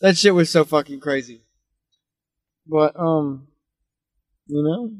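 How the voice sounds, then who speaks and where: A young man hosting a podcast, telling rambling, excited stories about youthful trouble and swearing freely. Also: a little high, slow, no echo. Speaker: podcast host. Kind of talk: casual storytelling chat.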